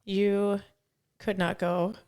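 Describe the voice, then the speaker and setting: A middle-aged woman with a hoarse voice, chatting enthusiastically as a podcast co-host. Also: mid-range voice, little pitch movement, very slow, darkish tone. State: hoarse, recovering from lost voice. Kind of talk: casual podcast chat.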